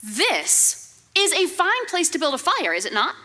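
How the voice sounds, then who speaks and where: A woman's voice: very high voice, huge pitch swings, unhurried, sharp tone, heavily acted. An actress playing a bossy, teasing woman in a stage musical, with a dry, commanding manner. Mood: sardonic. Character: bossy, sardonic woman guiding the hero.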